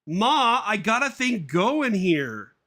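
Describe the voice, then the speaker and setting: A man voicing an excitable young male bee, an eager graduate, in a high, upbeat voice, reading a script aloud on a livestream. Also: slow pace, full character voice.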